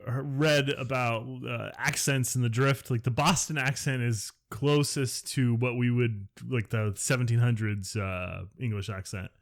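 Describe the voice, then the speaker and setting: A man co-hosting a podcast in casual chat, joking and quick to laugh. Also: mid-range voice, steady tone. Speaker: podcast co-host.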